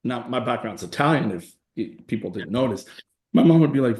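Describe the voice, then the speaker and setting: A man's voice: medium pitch, expressive, brisk, gravelly, darkish tone, echoey room. A man in his forties, a guest in a conversational interview, telling stories emphatically and acting out the voices of people he quotes. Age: 40s.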